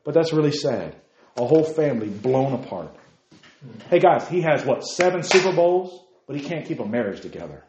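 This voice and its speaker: A man preaching a sermon to a youth group, fervent and emphatic, repeating his key phrases and talking fast. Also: mid-range voice, big pitch swings, roomy sound, background noise. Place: meeting room.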